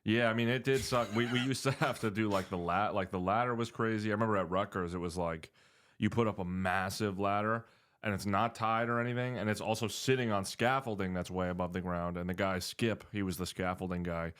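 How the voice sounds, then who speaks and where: A man's voice: lowish voice, a little fast, smooth. A young man from New Jersey, hosting a podcast and telling laid-back stories full of filler words. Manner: relaxed storytelling with laughs and filler words. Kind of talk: casual chat.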